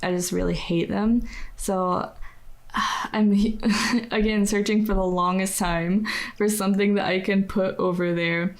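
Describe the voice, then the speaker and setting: Young American woman, casual voice-over, chatty, rambling, filler-heavy, mid-pitched voice. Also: fairly even intonation, measured pace. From United States. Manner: chatty, rambling, says "like" constantly, laughs at herself. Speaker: game builder narrating a speedbuild.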